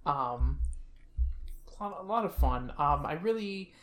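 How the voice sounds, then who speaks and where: Low-voiced woman in casual game chat. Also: measured pace. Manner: animated, acts out character lines with laughter. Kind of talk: casual chat about video games.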